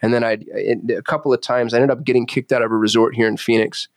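A man as a podcast guest, talking candidly and intensely, cursing freely and growing animated as he tells his stories. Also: mid-range voice, fast talker, dry recording. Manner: intense, swearing, confessional, animated when retelling. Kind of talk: candid conversational storytelling. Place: Phoenix.

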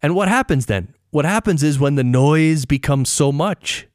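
A man's voice: fairly high pitch, lively intonation, normal speed, a little mellow, no room sound. A middle-aged man hosting a podcast, explaining things casually and asking the listener questions, close to his microphone in a treated home studio. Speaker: podcast host and audio engineer. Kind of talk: casual solo podcast talk.

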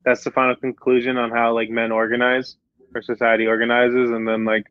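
A man's voice: medium pitch, completely flat delivery, a little fast, smooth, dry recording, highs cut off. A man musing in a casual chat, hesitant and full of fillers. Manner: hesitant, lots of fillers and restarts.

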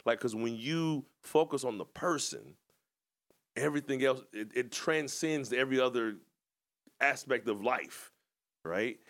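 A man's voice: medium pitch, a little slow, a bit bright. A man co-hosting a podcast, telling his story in a casual, rambling, reflective way. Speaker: podcast co-host and coach.

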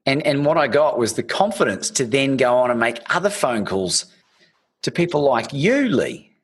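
A man hosting a podcast, his voice slightly husky and breathy. He rambles through his stories with plenty of restarts and the odd swear word. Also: mid-range voice, big pitch swings, moderate pace. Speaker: podcast host. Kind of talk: casual interview chat.

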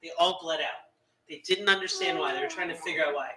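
A man's voice: on the high side, fast, crowd noise. A man in casual podcast chat who explains at length, laughing often and adding asides. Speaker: podcast guest, doctor. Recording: roomy sound with faint noise.

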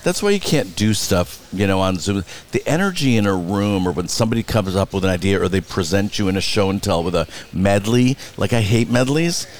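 A man with a low, grounded voice, chatting as an interview guest. He spins backstage stories with punchy, profane bluntness and slips into quick impressions of the people he quotes. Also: slight background noise. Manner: animated anecdotes, blunt and profane; acts out other people's lines in quotes. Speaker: Broadway producer and director, guest. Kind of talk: casual interview storytelling.

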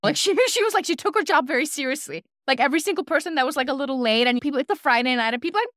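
Woman podcast co-host, lively casual storyteller, close dry mic. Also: sits high, racing, no echo. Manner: animated, acts out quotes in her stories.

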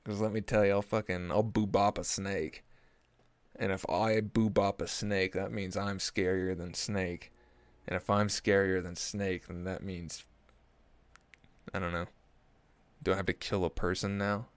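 A man's voice: low-pitched, level tone, a little slow, smooth, no room sound. A man, rambling through a profane, jokey monologue as a podcast host. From Oklahoma. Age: early 20s. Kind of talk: casual comedic monologue.

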